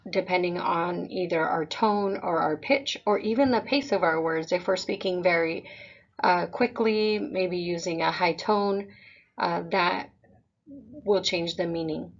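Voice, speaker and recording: A woman presenting a parent webinar for a school district, explaining things in a calm, measured way. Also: medium pitch, dull audio.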